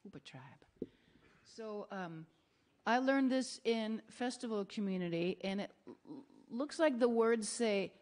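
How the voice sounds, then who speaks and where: A woman leading a congregation chant, introducing it in a relaxed way. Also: on the high side, unhurried. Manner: relaxed, self-correcting. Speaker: chant leader.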